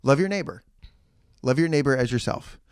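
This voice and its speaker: A man of middle pitch co-hosting a church podcast, talking in earnest, ranting bursts full of restarts. He is close on the mic in a dead, dry room. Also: expressive, normal speed, clear, resonant tone, no echo. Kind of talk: casual chat.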